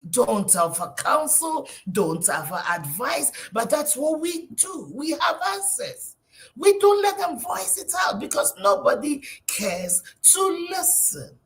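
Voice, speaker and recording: High, lively woman giving emphatic advice. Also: slow. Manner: emphatic, preachy. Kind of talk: impassioned advice in talk show.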